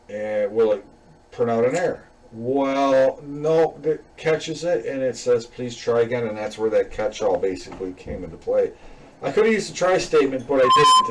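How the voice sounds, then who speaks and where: A man's voice: mid-range voice, recorded from a distance, slight background noise, poor audio. A man student casually walking through his class programming assignment, rambling with fillers and small chuckles. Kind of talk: casual screen-recorded code walkthrough.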